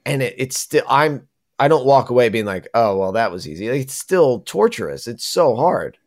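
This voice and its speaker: A man's voice: medium pitch, sing-song, moderate pace. A man co-hosting a podcast, talking in a reflective, easygoing way. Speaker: co-host. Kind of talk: casual podcast chat.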